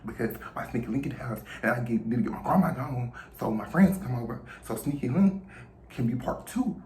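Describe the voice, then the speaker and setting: A young adult vlogger telling a story in an animated, profane, gossipy way. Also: mid-range voice, a little fast. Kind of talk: casual storytime vlog. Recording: roomy room, faint noise.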